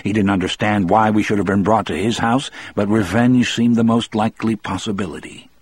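A man narrating an audiobook in the first person, measured and reflective. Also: lowish voice, fairly even intonation, breathy edge, no room sound.

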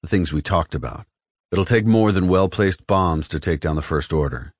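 A man's voice: low-pitched, lively intonation, normal speed, no room sound, clean studio sound. A man voicing a stern male resistance officer who speaks in clipped orders, in an audiobook.

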